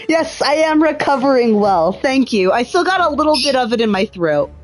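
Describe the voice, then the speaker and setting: A woman livestreaming a puzzle game, thinking aloud in a chatty way and swearing freely. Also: high-pitched. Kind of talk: casual gameplay commentary.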